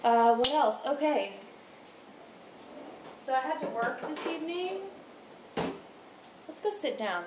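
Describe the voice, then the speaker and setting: Speaking to camera from home with the TV on, a young restaurant server in her twenties rambles, swears freely and rants heatedly. Her medium-pitched delivery is a little slow with long pauses, and there's background noise.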